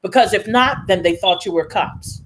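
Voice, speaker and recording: A woman taking part in a group video conversation, telling a story from her working life with animated, acted-out dialogue. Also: mid-range voice, normal speed, low-quality recording. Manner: animated, acts out dialogue in different voices. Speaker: panel guest.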